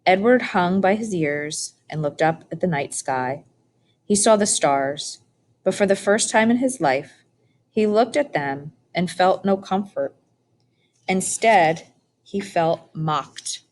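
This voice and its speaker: Lady reading a kids book, calm and measured, low voice, slow. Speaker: audiobook reader. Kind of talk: storybook narration.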